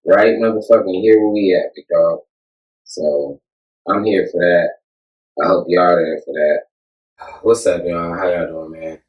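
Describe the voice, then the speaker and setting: A man's voice: low voice, unhurried, long pauses, dull audio. Man hosting a loose, profane podcast. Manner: animated, joking, mimics people loudly. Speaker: podcast host. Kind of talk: casual profane chat. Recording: roomy sound, mic at a distance.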